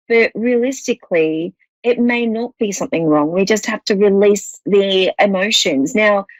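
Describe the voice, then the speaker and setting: A woman's voice: on the low side, dry recording, low-quality recording. A woman with an Australian accent hosting a psychic call-in show, talking in a rambling, reassuring way with many restarts. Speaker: psychic medium host.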